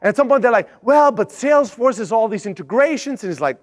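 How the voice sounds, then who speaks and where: A young man speaking at a conference, telling a lively sales story, swearing freely and acting out the other people's lines. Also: extremely high pitch, fast, hardly any pauses. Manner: animated, swears, acts out quoted voices. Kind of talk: energetic storytelling talk. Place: conference stage.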